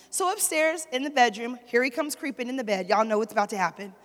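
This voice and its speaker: Woman, high voice, sermon, animated storytelling, church congregation, long hall reverb. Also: fast talker, few pauses. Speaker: pastor's wife preaching. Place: church sanctuary.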